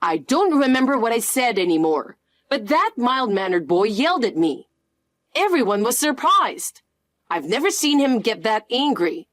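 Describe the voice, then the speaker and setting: A synthetic woman's voice reading the lines of a spiteful middle-aged mother-in-law in an even, flat delivery. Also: a little high, moderate pace, dry recording. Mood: indignant. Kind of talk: scripted story narration.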